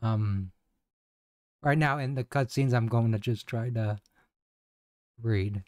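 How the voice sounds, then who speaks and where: A man's voice: mid-range voice, slow pace, a little mellow, no echo, studio quality. A man giving casual gameplay commentary with hesitant, self-deprecating asides. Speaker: game streamer.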